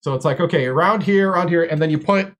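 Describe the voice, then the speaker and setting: A man's voice: a little high, fast talker. A man from Wisconsin, a streamer, telling long stories in casual chat with lots of fillers and restarts. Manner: rambling, filler-heavy storytelling.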